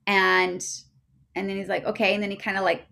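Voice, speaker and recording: A woman in her thirties, a podcast guest telling a personal story in a chatty way, full of fillers and getting loud when excited. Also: medium pitch, a little fast, creaky.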